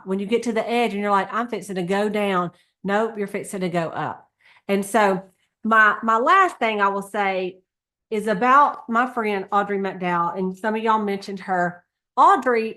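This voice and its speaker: Woman, sales director type, chatty and folksy pep talk. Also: mid-range voice. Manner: chatty, animated, with frequent laughs and folksy Southern phrasing. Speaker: Mary Kay sales director recapping a conference. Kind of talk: casual motivational talk.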